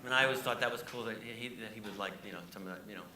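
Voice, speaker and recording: A male comedian telling stories in a casual interview, animated and jokey. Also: lowish voice, rapid-fire. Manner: animated, jokey, acts out voices. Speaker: comedian guest. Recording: roomy, distant mic, noisy.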